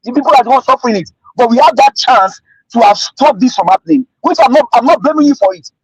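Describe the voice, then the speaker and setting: A man's voice: extremely high pitch, lively intonation, fast, slightly rough, no room sound, low-quality recording. A Nigerian man calling in to a livestream. He often repeats and restarts his words. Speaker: caller. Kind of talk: call-in livestream talk.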